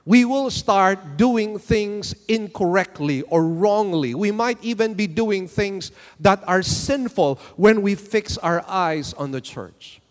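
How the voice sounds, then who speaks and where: A man preaching a sermon as pastor, deliberate and measured, asking the congregation to respond and read along. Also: sits high, expressive, long reverb tail.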